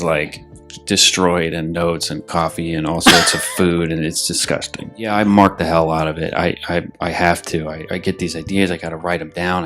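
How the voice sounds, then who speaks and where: Man, deep voice, actor in an interview, rambling, many restarts, faint music behind. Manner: acts out his own frantic thoughts in a loud, high voice. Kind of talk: casual interview talk.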